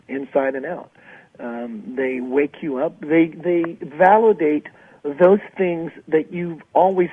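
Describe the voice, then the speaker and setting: A man, a spiritual author and interview guest, telling his experiences in an animated storytelling manner and acting out the quoted dialogue. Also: on the high side, slightly rough. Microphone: phone. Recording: tinny phone line.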